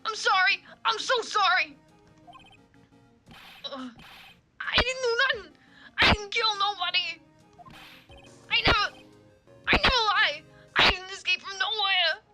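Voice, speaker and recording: A woman's voice: normal speed, hardly any pauses, bright, forceful tone, soft background music. A woman voicing a panicky, weeping male escaped convict in a game who pleads frantically with double negatives. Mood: frantic pleading. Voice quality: shrill, wailing.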